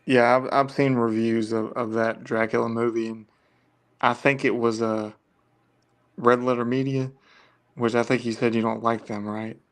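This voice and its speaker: A man's voice: mid-range voice, flat delivery, moderate pace. A man co-hosting a casual movie chat, mostly giving short agreeing replies.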